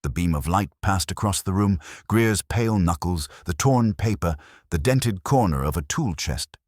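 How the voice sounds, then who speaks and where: A man's voice: low-pitched, animated, moderate pace, a little mellow, dry recording, studio quality. A man giving dramatic, scripted audiobook narration.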